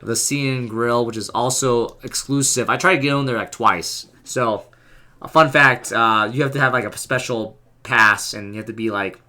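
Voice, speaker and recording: A man casually narrating his vlog, excited and rambling with lots of fillers. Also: medium pitch, moderate pace. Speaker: vlogger.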